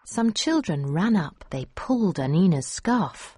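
A woman reading a children's picture book aloud, slowly and clearly, with expressive rises and falls. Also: deep voice. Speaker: storyteller.

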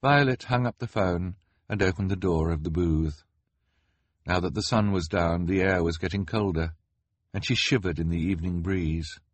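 Reading an audiobook, a deep-voiced man tells the story in a measured, expressive way, captured in a dry recording.

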